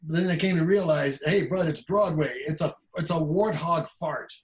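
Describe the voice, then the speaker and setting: Man, slightly high voice, musician guest on an interview, lively, acts out dialogue, casual cursing. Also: moderate pace, rough recording. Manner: animated, acts out quoted exchanges, swears casually. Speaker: jazz bass trombonist guest. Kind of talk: casual conversation.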